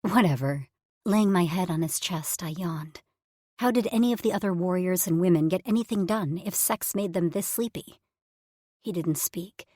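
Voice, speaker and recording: A woman narrating a first-person romance audiobook in an intimate, even storytelling manner. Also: lowish voice, no room sound, clean studio sound.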